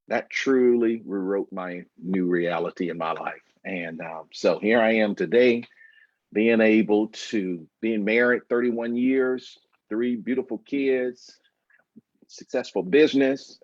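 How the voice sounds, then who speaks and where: A man in his fifties, a guest on a call-in show, recounting his life in a slow, reflective, emphatic way. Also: medium pitch, no room sound, highs cut off. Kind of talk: personal storytelling interview. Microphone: video call.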